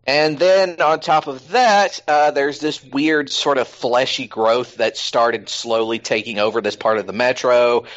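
A man's voice: medium pitch, steady tone, a little slow, few pauses, fairly bright tone, highs cut off. A man hosting a podcast in casual chat, rambling with plenty of fillers. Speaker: podcast host.

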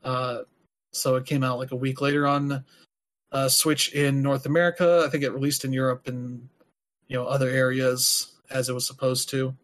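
A man's voice: medium pitch, little pitch movement, normal speed, fairly bright tone. Rambling man chatting casually. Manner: rambling, many filler words. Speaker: podcast host. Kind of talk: casual chat.

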